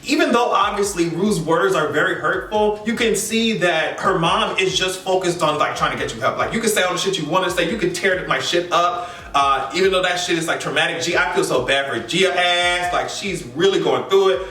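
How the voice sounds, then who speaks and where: A man hosting a reaction channel, recapping an episode in a loud, profane, sassy way and acting out quotes. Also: high voice, fairly quick. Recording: roomy, distant mic, faint music.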